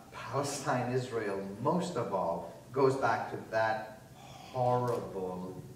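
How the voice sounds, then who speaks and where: A man delivers a lecture with animated, sarcastic flair, pushing his emphasis higher as he makes a point. His voice sounds far from the mic and rings through a large, echoing hall, with faint noise underneath. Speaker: keynote speaker. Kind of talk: university lecture and Q&A answers.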